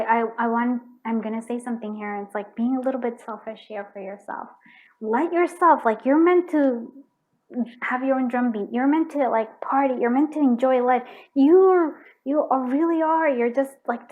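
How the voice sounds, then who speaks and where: A woman's voice: a little high, phone-quality sound. A woman giving a pick-a-card tarot reading, effusive and emotional, with frequent restarts. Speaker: tarot reader.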